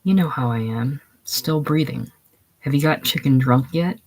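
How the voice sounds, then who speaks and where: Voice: medium pitch, normal speed, darkish tone, lightly acted. Feverish invalid young man, weary and bitter, read by one reader doing all parts. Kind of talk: casual play reading.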